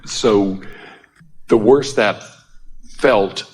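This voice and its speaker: A man's voice: lowish voice, extremely slow. A man in a workshop audience giving short, affirming replies to the speaker's questions.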